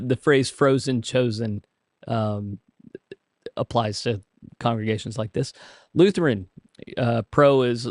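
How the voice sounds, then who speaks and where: A man's voice: medium pitch, dry recording. A man hosting a casual livestream, reading items aloud and commenting with dry humor, with frequent hesitations. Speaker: livestream host.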